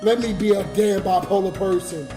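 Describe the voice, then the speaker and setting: A man's voice: high-pitched, moderate pace, dark tone. A drunk man rambling emotionally to his viewers during a late-night livestream, reading donations between rants. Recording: roomy with music behind. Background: music.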